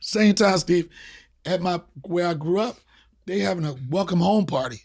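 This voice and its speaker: A man from the Washington, D.C. area hosts a casual podcast chat and tells a story in an animated, profane way. His voice is gravelly and husky and sits fairly high. He slips into other characters' voices as he goes. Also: normal speed. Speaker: podcast host.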